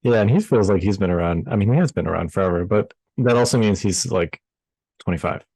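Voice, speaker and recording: A man's voice: fairly low pitch, expressive, brisk, a little mellow, breathy edge, no echo. A man co-hosting a podcast in casual chat, easygoing and steering the conversation. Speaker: podcast co-host.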